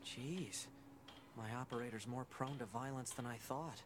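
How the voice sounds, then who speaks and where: A man's voice: mid-range voice, a little slow, background noise, lightly acted. A man voicing a young male android scout who talks in a casual, grumbling way.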